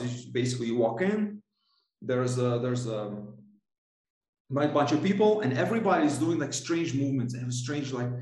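A man's voice: medium pitch, darkish tone, roomy sound, poor audio. A man telling a personal story as a podcast guest, rambling with many restarts and self-corrections and laughing often. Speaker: podcast guest, coach and author. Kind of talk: casual storytelling interview.

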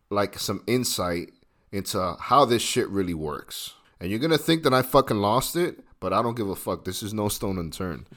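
A man hosting a podcast, ranting emphatically in casual chat and swearing freely. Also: fairly low pitch. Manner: profane, emphatic, animated ranting. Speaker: podcast host.

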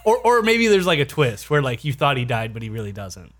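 A man in a casual comedy chat, talking in halting restarts and laughing along. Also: mid-range voice, big pitch swings, a bit bright. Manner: hesitant, many restarts and fillers, laughs along. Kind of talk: improvised comedy brainstorm.

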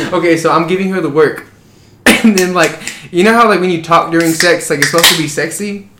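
A young man with a slightly high voice tells crude, rambling stories and keeps laughing at himself. The room is echoey, with faint ambient noise behind him. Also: big pitch swings, moderate pace. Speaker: podcast co-host. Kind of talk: casual storytelling chat.

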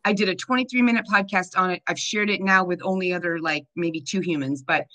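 A woman's voice: fairly low pitch, fairly even intonation, fairly quick, pushed and bright. A woman speaking earnestly and enthusiastically in a casual podcast conversation. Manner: enthusiastic, earnest, spiritual talk.

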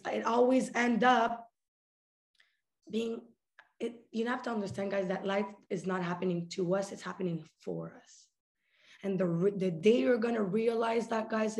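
A woman hosting a podcast, giving a casual motivational talk in a playful, animated way and calling her listeners guys and family. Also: medium pitch, roomy sound. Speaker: podcast host.

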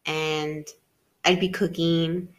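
A woman's voice: low-pitched, flat delivery, slow. A young woman co-hosting a casual podcast, telling a story dramatically with lots of swearing and laughter. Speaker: podcast co-host. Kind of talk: casual chat.

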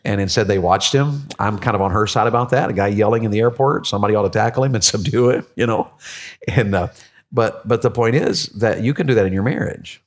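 A man preaching a sermon as pastor, animated and jokey, with many restarts. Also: on the low side, fairly quick.

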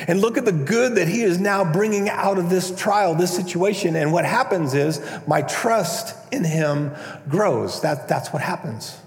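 A man preaching a conversational, animated sermon as a pastor, now and then acting out prayers in a mock-pompous voice. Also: high voice, normal speed. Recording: echoey hall, long reverb.

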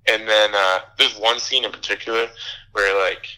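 Bright-voiced young man ranting about a film. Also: fairly low pitch, steady tone, moderate pace, clean tone, rough recording. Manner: ranting, profane, laughing through bits. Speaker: podcast host. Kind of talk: casual film review chat.

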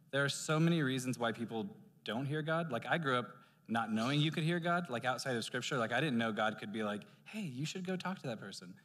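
Sibilant male pastor in a reverberant hall. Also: medium pitch. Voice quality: heavy sibilant s sounds. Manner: conversational, animated preaching with asides. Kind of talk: sermon. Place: church sanctuary.

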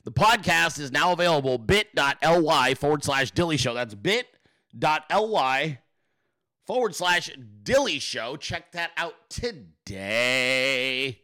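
Brash high-voiced male podcast host. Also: animated, a little slow, sharp tone. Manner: brash, profane and mocking. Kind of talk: casual political commentary.

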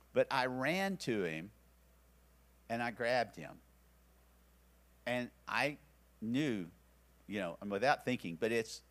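An older man teaching parents, telling a story about his grandsons and acting out his own soothing words. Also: medium pitch. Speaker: church teacher. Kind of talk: teaching talk with personal story.

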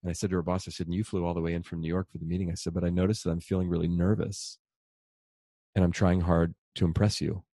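Fast-talking man, low dry voice. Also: slightly rough, no echo. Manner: animated, fast, acts out quoted voices. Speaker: author and speaker. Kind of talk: conversational storytelling.

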